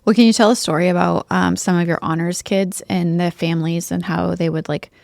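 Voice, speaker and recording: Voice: mid-range voice, fairly even intonation, brisk, vocal fry, darkish tone, no echo, studio quality. A podcast host in a casual conversation who backs up the guest with frequent short affirmations and asks about his stories.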